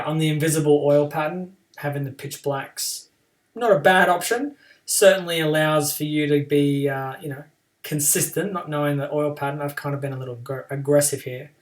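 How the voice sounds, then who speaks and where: A man's voice: a little high, recorded from a distance. A man streaming a game live and chatting casually about his play, with playful trash talk toward his opponent.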